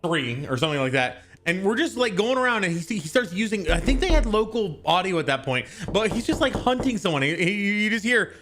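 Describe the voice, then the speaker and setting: Excitable streamer with a bright, lively voice. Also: mid-range voice, a little fast, hardly any pauses, slight background noise. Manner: excitable, swears and laughs often. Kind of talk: live-stream chat.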